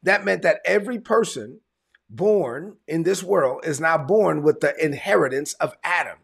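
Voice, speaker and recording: A man preaching a sermon in a conversational, emphatic way, repeating his points, with a gravelly, husky voice. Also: fairly high pitch, expressive, normal speed, fairly bright tone. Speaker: pastor.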